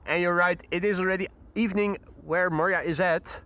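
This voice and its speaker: Male host, high voice, chatty outdoor live commentary. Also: steady tone, brisk, fairly bright tone. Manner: chatty, greets viewers, frequent fillers. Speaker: live stream host, plane spotter. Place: outdoors near airport runway.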